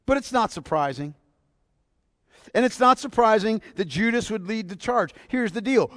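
High-voiced preaching man, dry sound. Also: expressive, moderate pace, no room sound. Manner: swings from hushed near-whisper to loud emphatic preaching; rhetorical questions to the congregation. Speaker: pastor. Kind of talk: sermon.

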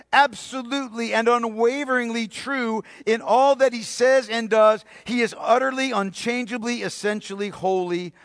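A man delivers a sermon in a high, ringing voice, pressing his points through repetition. He often sinks to a hushed, intimate tone for emphasis. The sound is close and dry, with no room around it. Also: no echo. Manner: emphatic, repeats key phrases, drops to near-whisper for stress. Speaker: pastor.

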